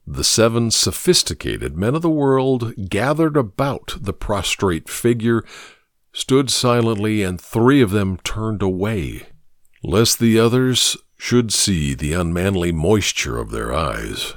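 A man reading a story aloud in measured, expressive narration. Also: fairly low pitch, no room sound, studio quality.

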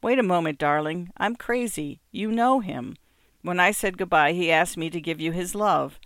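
A man's voice: high voice, normal speed, fairly bright tone, clear, resonant tone, no room sound, clean studio sound. A man doing a jovial older husband. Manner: jovial, reassuring. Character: hearty older husband, cheerful and soothing.

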